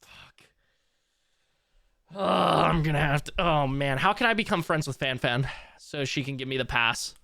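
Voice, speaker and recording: A man's voice: a little high, moderate pace, long pauses, pushed and bright, no echo, studio quality. A man live-streaming, rambling and swearing as he reacts to a clip and talks to his chat. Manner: rambling, profane, jumps between clip and chat. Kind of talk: casual live-stream commentary.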